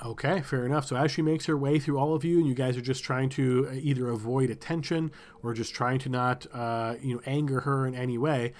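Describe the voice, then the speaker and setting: A man narrating a tabletop game as game master, relaxed and searching for words. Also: mid-range voice, fairly quick, few pauses.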